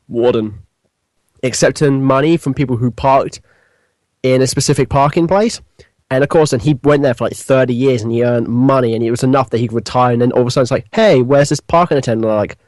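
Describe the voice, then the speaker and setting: A man's voice: medium pitch, darkish tone, dry recording. A British man chatting as a podcast guest, rambling and laughing at his own stumbles over words. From Britain. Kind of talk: casual chat.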